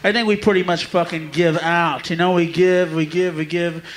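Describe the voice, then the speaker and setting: A man's voice: on the high side, fairly even intonation, moderate pace. A man from the United States doing a profane, ranting stand-up comedy set on a live stage. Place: live stage before an audience. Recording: live crowd and noise behind.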